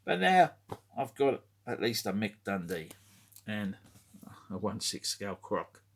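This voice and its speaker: Middle-aged male vlogger, low voice, loose profane chat with chuckles. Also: measured pace, slightly rough. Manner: swears a lot, chuckles, trails off mid-thought. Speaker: collectibles vlogger. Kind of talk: casual rambling chat to camera.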